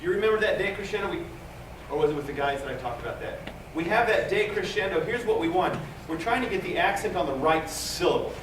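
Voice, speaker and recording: Choir director, male, higher voice, coaching singers from a distance in a roomy hall, encouraging, sings snippets. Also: animated, fast talker. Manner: encouraging, repeats words, sings phrases to demonstrate. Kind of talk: choral rehearsal instruction. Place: large rehearsal hall. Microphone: distant recorder. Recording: echoey hall from far off, hissy.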